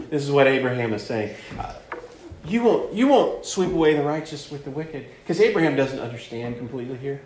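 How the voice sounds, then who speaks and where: A man's voice: medium pitch, animated, normal speed, a little mellow, a little hiss or hum. A man preaching a sermon that teaches through a Bible passage, earnest, repeating words and leaning on fillers as he explains. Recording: roomy echo.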